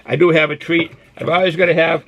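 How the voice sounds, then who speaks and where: A man's voice: on the high side, steady tone, quick pace, creaky, lo-fi sound, noisy background. A man from Boston hosting a casual beer review vlog, who rambles and goes off on tangents while drinking and snacking. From Boston, USA. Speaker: beer review channel host.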